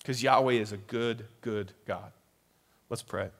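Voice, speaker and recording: A young man, a pastor, telling a lively family story in a sermon and closing in prayer. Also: lowish voice, measured pace, creaky, in a large hall. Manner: animated storytelling, then soft prayer.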